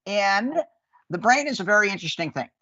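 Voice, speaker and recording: A man coaching on sales calls with high energy, acting out phone greetings in quoted voices. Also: expressive, a little fast, pushed and bright, no echo. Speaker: sales guest. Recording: dull lo-fi sound.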